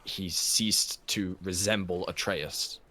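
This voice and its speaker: A man's voice: sits low, steady tone, slow, sharp tone. A man co-hosting a casual game podcast, thinking aloud and often repeating words before he finishes a thought. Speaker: podcast co-host.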